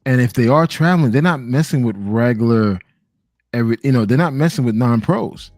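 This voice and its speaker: A man hosting a podcast discussion, laying out his view in a measured way, point by point. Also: medium pitch, darkish tone, dry recording, clean studio sound, faint music behind. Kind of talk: casual discussion.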